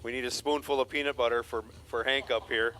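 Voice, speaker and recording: Steady bright male race co-announcer. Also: medium pitch, brisk. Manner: steady, joking play-by-play. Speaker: drag racing co-announcer. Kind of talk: live race commentary.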